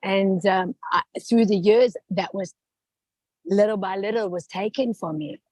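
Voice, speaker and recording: A woman podcast host speaking earnestly and reflectively about her feelings in a relaxed conversation. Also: mid-range voice, a little slow, dry recording, low-quality recording.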